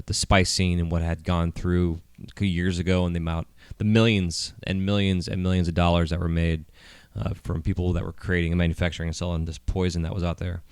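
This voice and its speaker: A middle-aged man with a low, smooth and resonant voice hosts a casual podcast chat. He rambles through his points with plenty of fillers and frequent swearing. The recording is dry and close, spoken into a handheld mic. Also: no echo. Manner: rambling, profane, heavy with fillers. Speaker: podcast host.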